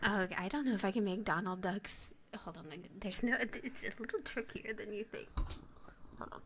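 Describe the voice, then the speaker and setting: A woman's voice: mid-range voice, moderate pace, background noise. A woman ASMR streamer chatting casually with her viewers, giggling often and poking fun at herself. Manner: giggly, self-deprecating, laughs often.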